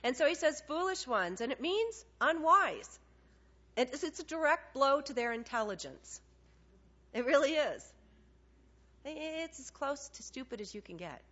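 A woman preaching a sermon, animated and conversational, acting out little dialogues with God. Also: high voice, measured pace. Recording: dull lo-fi sound.

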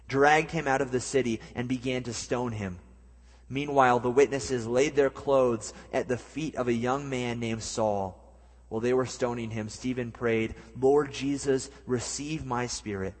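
Husky guy preaching slow and earnest, big hall echo on it. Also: mid-range voice. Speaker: pastor. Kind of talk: sermon. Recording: long hall reverb.

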